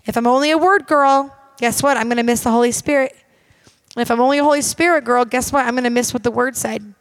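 High-voiced woman preaching emphatically. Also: steady tone, fast talker, no room sound. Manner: emphatic, direct and conversational, addressing the audience. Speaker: minister. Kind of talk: sermon.

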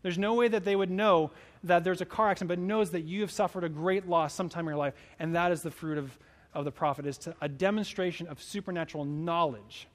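A man preaching a sermon in a relaxed, conversational way, telling stories and acting out the people in them. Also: high voice, fast. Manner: conversational, animated storytelling with quoted voices. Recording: long hall reverb.

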